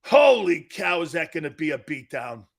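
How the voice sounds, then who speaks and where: A man hosting a sports talk stream, reading fan comments and trash-talking in loud, brash bursts. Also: a little high, big pitch swings, moderate pace, gravelly. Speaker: sports talk show host.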